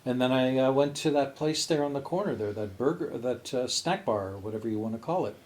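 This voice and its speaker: A man's voice: mid-range voice, expressive, a little fast, a little mellow. A man co-hosting a podcast from Canada, telling a long story in casual chat, acting out the voices of his friends and swearing freely. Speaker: podcast co-host.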